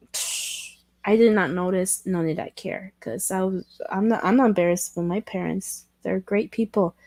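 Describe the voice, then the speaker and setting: A woman hosting a casual livestream chat with viewers, talking in a halting way with many restarts and self-corrections, candid and self-deprecating. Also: mid-range voice, a little mellow, no room sound. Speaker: livestream host chatting with viewers.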